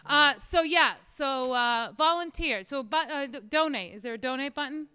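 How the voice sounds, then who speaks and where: A woman's voice: high-pitched, normal speed, hardly any pauses, bright, forceful tone, no room sound. A woman doing a rambling, brassy stand-up set on a stage with no audience. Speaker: stand-up comic. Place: show stage without audience.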